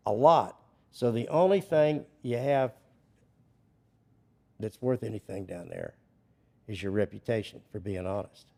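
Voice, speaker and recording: A man's voice: lowish voice, big pitch swings, measured pace, gravelly, pauses often, warm tone. An older man, a veteran criminal defense attorney, explaining his views emphatically in a casual podcast chat.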